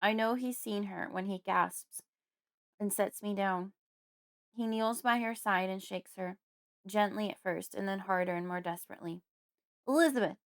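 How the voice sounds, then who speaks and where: Smooth-voiced woman narrating horror. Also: medium pitch. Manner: measured, storytelling. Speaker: audiobook narrator. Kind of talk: scripted first-person horror narration.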